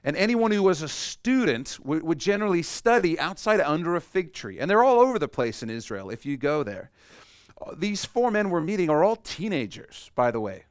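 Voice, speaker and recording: Smooth-voiced man preaching conversationally. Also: fairly high pitch, sing-song, normal speed, dry recording, clean studio sound. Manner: conversational preaching with quotes acted out. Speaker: pastor. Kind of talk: sermon.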